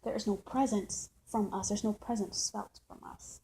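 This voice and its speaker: A woman's voice: mid-range voice, fairly even intonation, moderate pace, gravelly, mellow, poor audio. A woman ranting to camera, heated and preachy, with a lot of swearing and the same points said again and again. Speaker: vlogger. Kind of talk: impassioned rant to camera.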